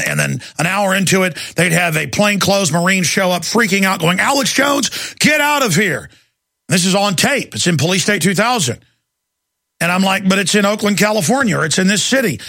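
Intense gravelly man, talk radio host. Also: high-pitched, bright, forceful tone, dry recording, clean studio sound. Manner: intense, emphatic, repetitive.

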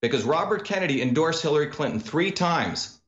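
A male radio guest making an insistent, emphatic case at a steady pitch. He comes through a remote link that sounds roomy and dull. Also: a little fast. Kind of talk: heated talk radio interview.

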